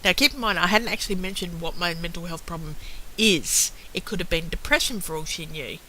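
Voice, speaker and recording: A woman's voice: on the low side, fairly quick, bright, forceful tone, a little hiss or hum, low-quality recording. A woman, chatting at home into her webcam in a rambling, filler-heavy way. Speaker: vlogger. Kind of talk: casual chat. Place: at home by a computer. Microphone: webcam on a computer.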